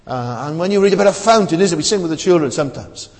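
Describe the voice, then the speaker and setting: A middle-aged male preacher giving a chatty sermon, with a pitch that rises and falls widely as he goes. He often tags his points with "isn't it?" His voice rings with a long reverb through the chapel. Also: animated, quick pace, darkish tone. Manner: conversational, keeps asking "isn't it?".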